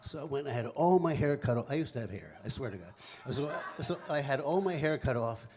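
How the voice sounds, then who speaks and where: A man's voice: mid-range voice, big pitch swings, brisk, darkish tone. A man in his seventies from Philadelphia, a singer-songwriter telling a rambling, chatty family story between songs, with laughing asides. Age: 70s.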